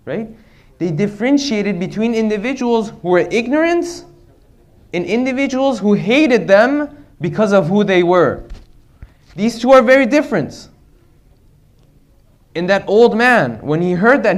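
Male religious lecturer, high-pitched, earnest, rhetorical. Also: big pitch swings, unhurried.

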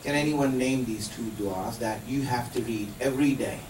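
In an echoey room, picked up by a distant mic, a man teaches a religious lesson to a live group, explaining patiently and quizzing listeners with questions. His voice is medium in pitch at a normal speed, with background noise.

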